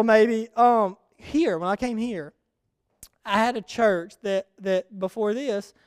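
A young man preaching a conversational sermon, telling stories with lively restarts. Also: high voice, clear, resonant tone, no echo, clean studio sound. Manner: conversational, animated storytelling with frequent restarts. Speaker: pastor.

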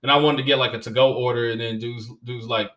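A comedian and podcast host telling stories in a casual, profane, animated way and laughing as he goes. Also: medium pitch, quick pace. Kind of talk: casual storytelling chat.

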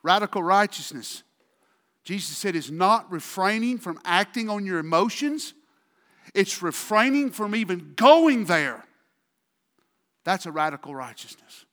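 A pastor delivers his sermon in a high, bright voice that rises and falls in wide swings. He bursts into shouts on key words, then drops to quiet asides, all of it ringing in a long hall reverb. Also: expressive, a little slow. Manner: preaching with sudden shouted outbursts and quiet asides.

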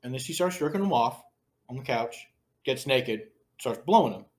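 A man's voice: medium pitch, animated, moderate pace, darkish tone. Crude, chatty male podcast host. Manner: crude, laughing storyteller. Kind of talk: casual chat, retelling a scene.

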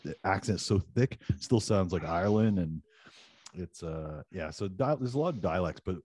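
A man's voice: deep voice, animated, moderate pace, darkish tone, slightly rough, no room sound. A middle-aged man from Newfoundland, Canada, co-hosting a casual video call chat, laughing often and poking fun at himself. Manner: laughs often, self-mocking. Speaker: co-host.

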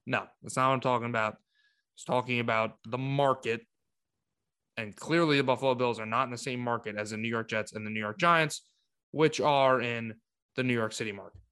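A man co-hosting a sports podcast, talking in casual, animated rants with frequent restarts. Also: mid-range voice, fairly quick, clean tone. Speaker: podcast co-host.

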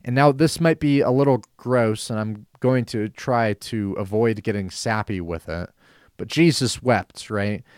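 A man hosting a Christian talk show, speaking earnestly and measured, repeating phrases for emphasis. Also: fairly low pitch, a little mellow, no room sound, studio quality. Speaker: host.

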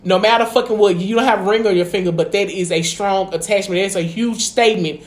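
A fast-talking woman of medium pitch co-hosts a podcast, keeping things casual. She swears freely, says "you know what I'm saying" again and again, and her voice bounces around an echoey space.

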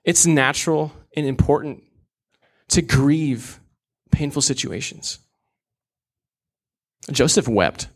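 A man's voice: a little high, slow, long pauses. A young man preaching a sermon in an earnest, candid way, with casual asides.

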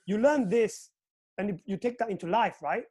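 Guy from portugal telling a story, acts out all the voices, lively. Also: high voice, normal speed, husky. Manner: animated storyteller, acts out quotes. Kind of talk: casual chat, storytelling.

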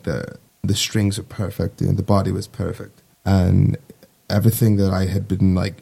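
A man in his twenties with a Midwestern American accent, a Navy sailor and guitarist talking in a relaxed, rambling way in a casual interview. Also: low-pitched, vocal fry, breathy edge. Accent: Midwestern American, put-on. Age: 20s. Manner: relaxed, rambling, laughs easily.

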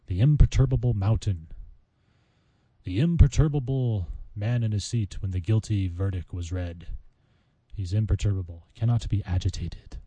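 Mellow-voiced man teaching vocabulary. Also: on the low side, normal speed, no room sound. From United States. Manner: playful, chatty, talks through mnemonics. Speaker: podcast host teaching vocabulary. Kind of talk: casual podcast lesson.

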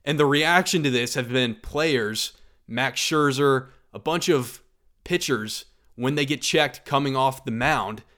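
A man's voice: medium pitch, a little slow. Argumentative male sports podcaster. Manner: animated, argumentative, rhetorical questions. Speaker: podcast host. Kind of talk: opinionated sports podcast commentary.

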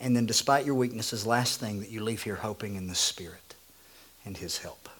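A man preaching a sermon, dropping to a hushed low voice for scripture and rising when he gets excited. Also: normal speed, husky. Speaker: pastor.

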